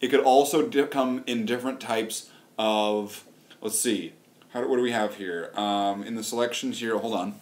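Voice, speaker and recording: A man's voice: lowish voice, steady tone, normal speed, a little hiss or hum. A man rambling on camera in a loose, crude comedic riff. He keeps restarting his sentences and drifts from one absurd idea to the next, playing with silly rhyming words. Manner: meandering, restarts often, riffs on silly wordplay. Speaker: vlogger.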